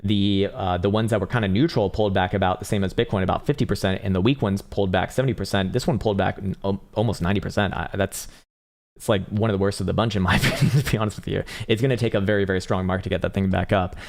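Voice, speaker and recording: A man's voice: low-pitched, steady tone, fast talker. A young man hosting a casual live trading stream, talking through charts and answering chat in a loose, swearing, often laughing way. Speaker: trading analyst livestream host.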